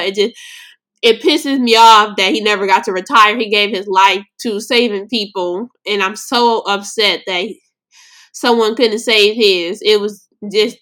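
A woman's voice: mid-range voice, steady tone, unhurried, a bit bright. A young woman from Los Angeles hosting a podcast, telling a personal story in a blunt, slangy, emotional way. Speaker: podcast host.

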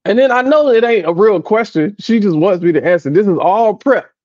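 A man's voice: high voice, animated, a little fast, darkish tone, dry recording, highs cut off. A man co-hosting a casual podcast chat, telling stories animatedly, doing impressions of his relatives and laughing often. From American South. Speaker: podcast co-host.

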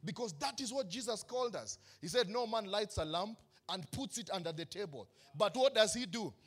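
A man's voice: sits high, lively intonation, a little fast, fairly bright tone. A male pastor preaching a sermon, building emphatic questions and answering them himself. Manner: preaching with rising emphatic questions and call-and-response.

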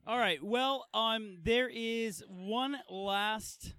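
A man's voice: sits high, extremely slow, pushed and bright, clear, resonant tone, no echo. A man hosting a casual gaming chat, talkative and loose, laughing easily and rambling between thoughts. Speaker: host.

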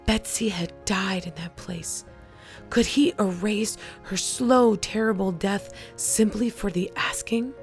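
A woman's voice: medium pitch, takes it slowly, soft background music. A woman podcast host reading a first-person story aloud and then reflecting on it earnestly.

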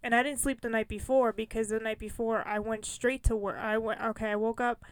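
A young woman with a fairly high voice, chatting casually as a co-host. She tells stories in an animated way and acts out everyone's lines with big jumps in pitch and loudness. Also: a little fast, no room sound. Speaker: podcast co-host. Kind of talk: casual chat.

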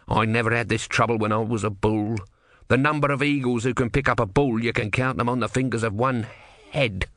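A man's voice: medium pitch, fairly even intonation, a little fast, a bit bright, no echo, lightly acted. A man voicing a sarcastic, impatient male god stuck in the shape of a tortoise, in an audiobook reading, with a dry close sound. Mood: grumpy, sarcastic.

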